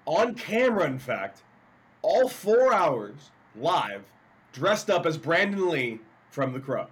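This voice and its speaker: A man's voice: fairly high pitch, big pitch swings, slow. A man hosting a sports talk show, telling a teasing story in casual chat.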